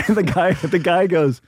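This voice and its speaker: A man's voice: high voice, slightly rough, no room sound, clean studio sound. A man, a comedian, telling a rambling casual story, laughing as he goes and acting out voices. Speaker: comedian guest.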